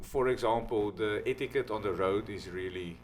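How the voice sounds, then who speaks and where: A man hosting a podcast, talking in a loose, excitable way and swearing casually, in casual conversation. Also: fairly low pitch, normal speed, a little hiss or hum. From not from the United States. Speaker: podcast host.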